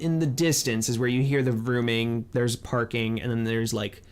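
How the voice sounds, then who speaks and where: A man running a tabletop game as game master, narrating in a halting way with many fillers. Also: mid-range voice, steady tone. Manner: halting, full of fillers and restarts.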